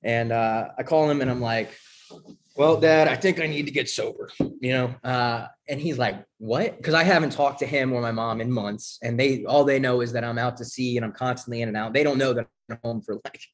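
A young man candidly telling his recovery story in a profane, animated way, often checking in with "right?". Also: mid-range voice, a little fast, hardly any pauses.

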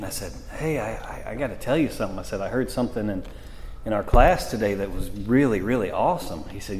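Recounting his recovery at a meeting, a man rambles casually and conversationally, leaning heavily on fillers. His voice is fairly low and a little mellow, with long hall reverb around it.

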